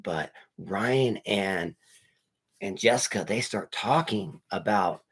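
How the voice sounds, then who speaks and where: This man speaks slowly in a fairly low, slightly rough voice. Unboxing comics, the movie reviewer gives a loose, spoiler-filled horror movie recap, wandering off track, cursing, and acting out what the characters say.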